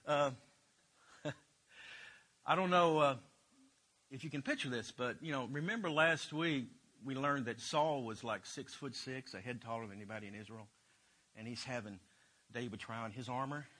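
A man's voice: mid-range voice, moderate pace, pauses often, fairly bright tone. A man teaching a Bible lesson, retelling scripture in loose everyday talk.

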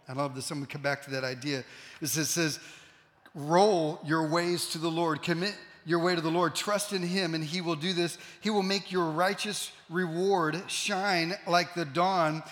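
A bright, high-voiced man preaches a sermon to his congregation. He moves from loud, emphatic delivery to hushed, intense asides. His voice carries a long reverb from a large hall. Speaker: pastor.

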